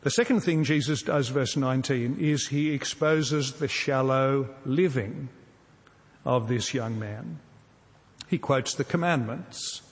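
A man preaching in an earnest, measured way, pausing on rhetorical questions. His voice sits at an ordinary middle pitch. The sound carries a long reverb, as in a large church hall. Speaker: pastor. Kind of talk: sermon.

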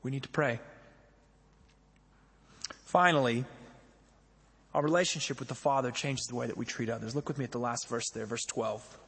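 A man's voice: mid-range voice, fairly even intonation, normal speed, creaky, long pauses, fairly bright tone, slightly rough, in a large hall. A young man preaching a sermon as a pastor, talking in a conversational way and putting questions to the congregation. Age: young adult.

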